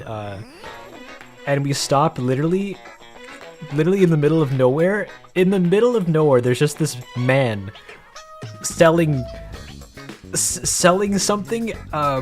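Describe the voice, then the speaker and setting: Man, casual dev vlog, rambling storyteller, many restarts, middle pitch, faint music behind. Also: a little mellow. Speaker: game developer showing his work.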